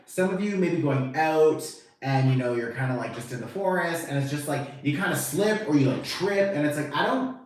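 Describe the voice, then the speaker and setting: A man giving a casual, animated tarot reading to camera, chatty and swearing now and then, acting out the reactions he quotes. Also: a little high, a little fast, recorded from a distance. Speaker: tarot reader. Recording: very echoey room, voice off-mic.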